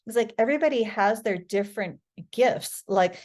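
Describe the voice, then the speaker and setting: Animated woman telling a story. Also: medium pitch, normal speed. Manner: animated, lively, acts out quoted voices. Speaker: podcast guest. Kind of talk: casual conversational storytelling.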